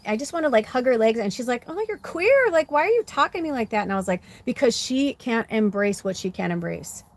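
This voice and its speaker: A woman's voice: fairly high pitch, darkish tone. A woman, a spiritual medium, giving a candid personal monologue during a card reading. She talks bluntly with plenty of swearing and fillers, and repeats phrases for emphasis. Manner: blunt and profane, with frequent "like" and "you know".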